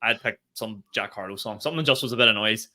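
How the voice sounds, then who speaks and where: A young man co-hosting a comedy podcast, telling animated stories in casual chat and swearing freely. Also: fairly low pitch, fast.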